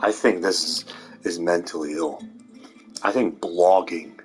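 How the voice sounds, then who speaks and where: A man's voice: low-pitched, a little slow, faint music behind. A man rambling to viewers in a sardonic monologue, swearing and laughing at his own jokes. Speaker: vlogger.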